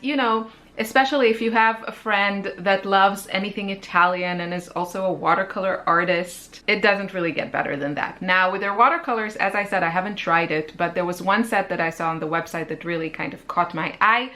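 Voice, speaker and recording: A woman's voice: mid-range voice, normal speed, bright, forceful tone. A woman hosting her art channel, chatting casually and self-deprecatingly about gift shops for artists, laughing often. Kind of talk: casual chat.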